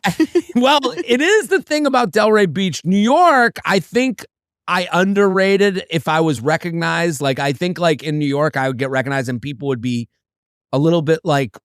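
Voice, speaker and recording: Male comedian co-host, animated storyteller who does the voices, high and expressive, recorded dry and close. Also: moderate pace, no echo. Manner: animated, acts out other people's voices. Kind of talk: casual storytelling chat.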